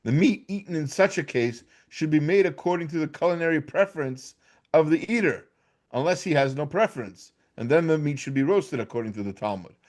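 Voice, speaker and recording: A man's voice: on the high side, expressive, fairly quick, darkish tone. An American man giving an informal Torah class, talking conversationally with frequent restarts and "right?" checks. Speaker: class teacher.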